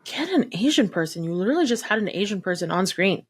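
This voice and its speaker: A woman co-hosting a podcast, chatting casually and animatedly. She swears freely and slips into acted-out movie lines, in a voice of ordinary middle pitch. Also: big pitch swings, fast, breathy edge. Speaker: podcast co-host. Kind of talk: casual chat.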